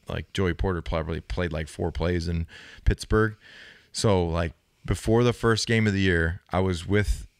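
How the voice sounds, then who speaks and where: A man in his thirties, a podcast co-host and former linebacker, telling stories in a loose, profane, animated way, a little hoarse. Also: sits low, no echo, clean studio sound. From United States. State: slightly hoarse, says he can't speak well. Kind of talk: casual storytelling chat.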